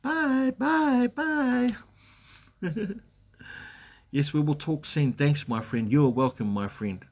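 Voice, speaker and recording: At home in Western Australia, a man hosts a casual livestream, rambling along and greeting viewers by name. His mid-range voice is animated but a little slow, with long pauses and a darkish tone.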